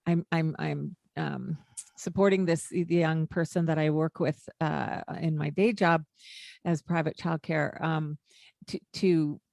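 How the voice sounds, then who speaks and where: Older woman, co-host, lower-pitched voice, unhurried and reflective, dry close sound. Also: vocal fry, no echo. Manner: gentle and reflective, with hesitant fillers. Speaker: podcast co-host. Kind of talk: casual conversation.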